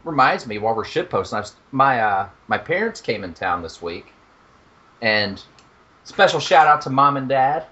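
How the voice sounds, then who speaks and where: A young man co-hosting a podcast in casual chat, animated and profane, laughing at his own jokes. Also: mid-range voice, moderate pace, dull audio. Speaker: podcast co-host.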